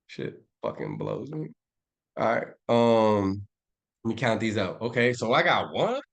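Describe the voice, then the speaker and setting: A man on a live stream breaking down trading charts in a loose, slangy, profane and animated way. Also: fairly low pitch, slow, creaky. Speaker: trading educator.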